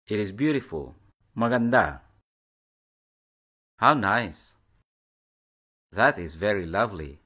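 Man, language lesson narration, measured and deliberate, fairly low voice, very slow delivery. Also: a bit bright. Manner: measured, deliberate, pausing after each phrase.

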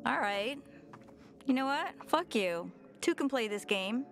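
Game VO: a needling younger sister, animated and mouthy. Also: female voice, a little high, a little slow, soft background music. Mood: snippy. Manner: pushy, sarcastic, swearing. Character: young woman, the player's bossy sister.

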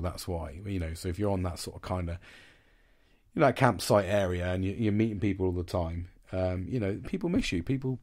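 A man's voice: fairly low pitch, darkish tone. A man hosting a podcast, telling a long casual story with fillers, restarts and swearing. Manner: rambling, chatty, swears freely, many fillers and restarts. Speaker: podcast host.

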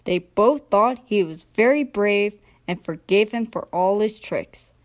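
A young woman narrating a children's train storybook in a gentle, expressive read-aloud manner. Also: medium pitch, measured pace. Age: young adult. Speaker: storybook reader.

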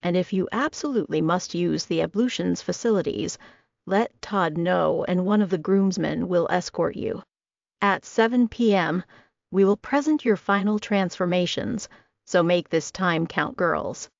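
Woman reader as a domineering rich woman, low gravelly voice, condescending orders, storybook read. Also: unhurried, no echo. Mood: commanding. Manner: commanding, condescending. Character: cold, domineering wealthy woman hostess. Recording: dry, slightly dull audio.

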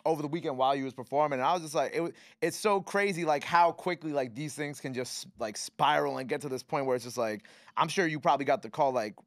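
A man hosting a radio interview, loud and hyped at first, then chatting in a slangy, swearing way. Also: on the high side, fast, hardly any pauses, no room sound, clean studio sound. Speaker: radio show host. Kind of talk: hype interview chat.

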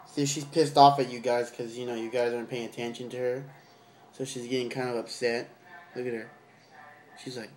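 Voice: mid-range voice, flat delivery, fairly quick, darkish tone. A vlogger talking casually and offhandedly while filming their bedroom, rambling and goofy, on a handheld camera. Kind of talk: casual rambling home video.

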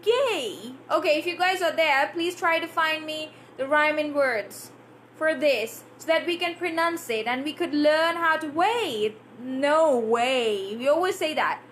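A woman teaching a live English pronunciation lesson, repeating words slowly and answering viewers' questions. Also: sits high, fairly bright tone, slight background noise. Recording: faint room ambience.

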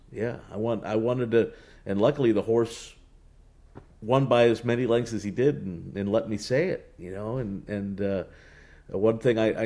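A man with a fairly low voice speaks as a race announcer being interviewed. He tells his stories loosely, circling back with fillers and restarts. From United States. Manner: relaxed storytelling with many restarts and fillers. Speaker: horse racing announcer, guest. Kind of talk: casual interview talk.

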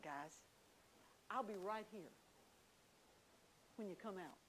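A woman's voice: medium pitch, animated, a little slow, pauses often, pushed and bright, poor audio. A woman teaching a church class, telling homey stories with confiding asides. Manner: folksy storytelling, confiding asides.

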